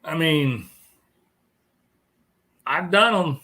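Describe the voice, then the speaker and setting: A man's voice: on the high side, animated, very slow, sharp tone. Tired man chatting on a live stream. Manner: rambling, chuckles often, greets viewers. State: tired, yawning. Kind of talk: casual live stream chat.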